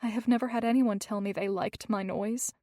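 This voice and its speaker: A woman's voice: mid-range voice, fairly even intonation, a little fast, mellow, no echo, clean studio sound, lightly acted. A woman voicing a tearful young woman with a troubled past in an audiobook, earnest and pleading.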